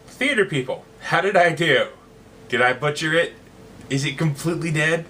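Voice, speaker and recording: A man's voice: a little high, normal speed, sharp tone, a little hiss or hum. A man talking casually to his viewers in a vlog, chatty and slightly hesitant. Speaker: vlogger.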